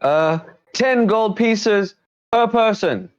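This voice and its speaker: Ein Mann spielt einen hohen, brüllenden jungen Wegelagerer. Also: male voice, high voice, takes it slowly, smooth, lo-fi sound, pitched above the performer's own voice. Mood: curt. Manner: loud, shouted demands. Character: young male bandit highwayman, blustering and demanding.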